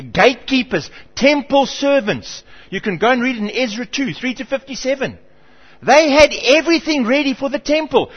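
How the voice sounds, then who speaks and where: A man's voice: high-pitched, slightly rough. A middle-aged man preaching a sermon as pastor, telling stories and acting out the people in them. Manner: animated storytelling, acts out quoted voices. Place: church hall. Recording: dull reverberant church hall.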